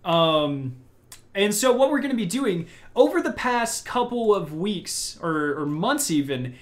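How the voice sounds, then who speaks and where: A young man hosts a casual gaming podcast live from home. His voice sits a bit high, and he rambles upbeat with frequent restarts. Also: very animated, measured pace. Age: young adult. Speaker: podcast host.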